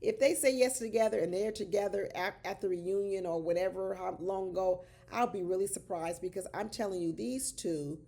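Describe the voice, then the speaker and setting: A woman giving casual, animated commentary on a reality show, exclaiming and talking straight to her viewers as y'all. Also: medium pitch, normal speed, hardly any pauses.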